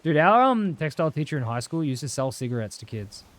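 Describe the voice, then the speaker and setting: A man's voice: on the high side, very animated, fast, a bit bright. A young Australian man chatting casually and rambling while he streams a game, swearing freely and answering chat. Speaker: livestreamer.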